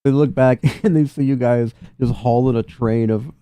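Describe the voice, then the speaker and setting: A man's voice: medium pitch, fairly even intonation, normal speed, warm tone, smooth. A man running a tabletop game, laughing often and voicing slangy street characters in loose, profane chat. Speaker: game master.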